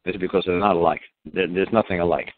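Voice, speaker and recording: A man tells a rambling story bluntly and colloquially, leaning hard on his points. His voice sits fairly low. It comes through a tinny, dry phone line with no room sound. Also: fairly even intonation, fast, dry recording. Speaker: speaker on common law. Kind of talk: rambling anecdotal talk.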